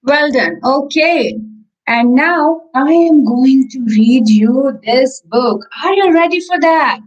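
High, lively Indian woman teaching preschoolers. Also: lo-fi sound. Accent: Indian English. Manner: slow, encouraging, counts aloud for children. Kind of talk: online preschool class, storytelling.

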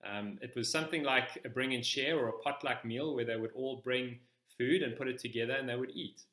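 A man preaching a sermon in church, explaining scripture in a measured, step-by-step teaching manner. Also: medium pitch, steady tone, a bit bright, echoey room.

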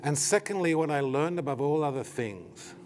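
A company chief giving a business talk as an animated storyteller, leaning on "like" and "right?" as he goes. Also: fairly high pitch, normal speed, slight background noise. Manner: animated, anecdotal, frequent "like" and "right?". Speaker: company CEO giving a presentation.

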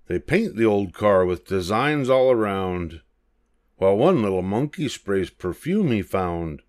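An older man reading a rhyming children's picture book aloud in a gentle, sing-song manner. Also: on the low side, sing-song, measured pace, no echo, clean studio sound. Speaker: storybook reader.

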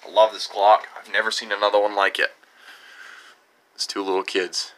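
A man's voice: on the low side, flat delivery, normal speed, a bit bright. A young man showing viewers around his home workshop, rambling through stories and chuckling as he goes. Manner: rambling storyteller with frequent chuckles. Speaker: channel host. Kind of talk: casual workshop tour narration.

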